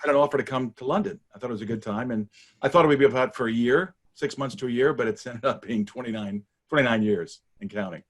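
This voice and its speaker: A man in his fifties with an American accent, answering interview questions in a relaxed, measured way. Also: mid-range voice. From United States. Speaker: guest, company founder.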